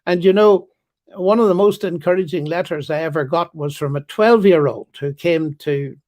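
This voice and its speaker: An older man speaks as an interview guest, his voice sitting a little high. He talks in a measured, formal way and stresses key words as he recounts a story. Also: a little mellow.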